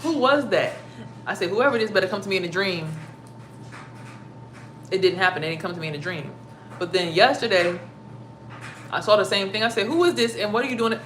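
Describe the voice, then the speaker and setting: A woman's voice: medium pitch, a little fast, long pauses, a little hiss or hum. Casual profane woman telling a spiritual story. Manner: profane, animated, acts out her own quoted reactions. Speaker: spiritual vlogger.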